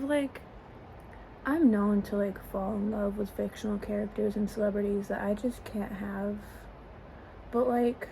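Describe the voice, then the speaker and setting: A woman's voice: medium pitch, gravelly, dark tone, slight background noise, rough recording. A young woman rambling and gushing about her celebrity crush in a casual get-ready-with-me vlog, filmed on a phone as if on a video call. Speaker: vlogger. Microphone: phone camera, as on a video call.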